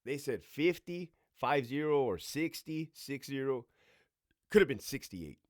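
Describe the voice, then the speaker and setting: A man's voice: medium pitch, expressive, measured pace. A man in his forties, a former prison officer, hosting a casual, profane storytime monologue with sound effects and asides to himself. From California.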